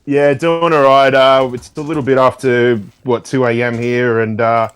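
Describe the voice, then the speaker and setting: A man's voice: mid-range voice, level tone, moderate pace, a bit bright, smooth. A man with an Australian accent calling in to a fan phone-in show, chatting in a teasing, upbeat way. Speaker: caller. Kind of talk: casual phone-in chat.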